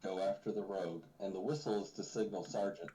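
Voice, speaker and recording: A man with a fairly low voice playing a tabletop game. He declares his knight's moves and chats about dice rolls in an easygoing, matter-of-fact way. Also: steady tone, brisk, dark tone, low-quality recording. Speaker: player. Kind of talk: casual tabletop game chat.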